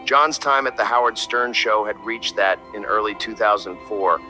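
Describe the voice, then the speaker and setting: Low-voiced male documentary narrator. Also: moderate pace, bright, forceful tone, soft background music. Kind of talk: scripted narration.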